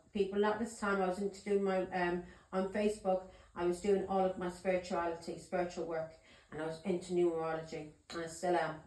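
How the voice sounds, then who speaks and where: Woman, mid pitch, tarot reader vlogging, emphatic and blunt, roomy echo on the mic. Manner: emphatic, swears, keeps asking "yeah?" and "do you understand me?". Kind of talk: casual storytelling to camera. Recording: roomy echoey room.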